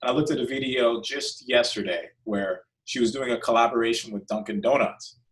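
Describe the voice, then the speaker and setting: A man's voice: mid-range voice, brisk, distant mic. A man hosting a casual business podcast, earnest and often restarting his words. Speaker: podcast host, business owner.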